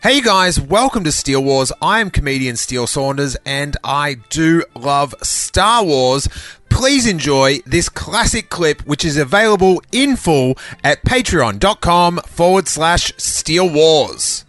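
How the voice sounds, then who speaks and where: Man, podcast host, lively pitch, fairly high voice, laughs a lot. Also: unhurried. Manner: animated, laughing often. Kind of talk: casual podcast chat.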